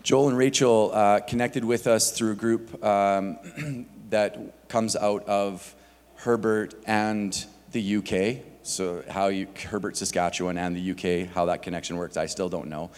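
A man's voice: on the low side, fairly even intonation, measured pace, a little mellow. A man on a church staff giving casual announcements to the congregation, with many filler words. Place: church sanctuary. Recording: long hall reverb.

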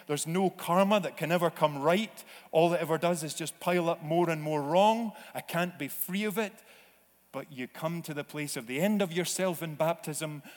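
A man preaching a sermon in a church, slow and deliberate, sometimes acting out voices. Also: fairly high pitch. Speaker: pastor. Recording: long reverb of a church hall.

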